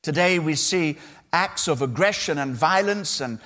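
A male pastor delivering a sermon to his congregation. His voice sits a touch higher than most men's, and he speaks in an earnest, emphatic way, leaning on key phrases and pausing between them. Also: animated, pushed and bright. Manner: earnest, emphatic preaching with measured pauses.

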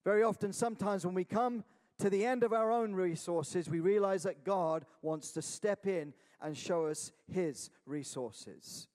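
High-voiced man preaching in a reverberant hall. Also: measured pace, darkish tone. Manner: earnest exhortation with repeated calls of "Amen?". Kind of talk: sermon.

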